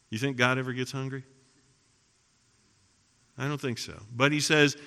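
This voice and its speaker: A middle-aged male pastor preaching with a sharp, very bright voice. He presses his points with rhetorical questions and swings from ringing emphasis to near-hushed passages. His sermon rings out with the long reverb of a large sanctuary. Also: fairly high pitch, steady tone, measured pace, pauses often.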